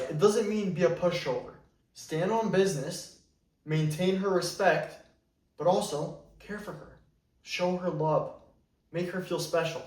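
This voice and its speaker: Speaking with a slightly high voice and a darkish tone, this man coaches on dating in a direct-to-camera monologue. He's blunt and emphatic, hammering on "you better". A distant mic gives the audio a roomy echo.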